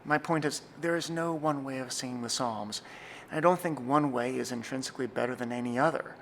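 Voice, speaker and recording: Man, church music director, earnest instructional tone, gravelly fry, faint background noise. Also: medium pitch. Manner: measured, earnest, reads slowly and deliberately in demonstrations. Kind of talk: scripted instructional talk.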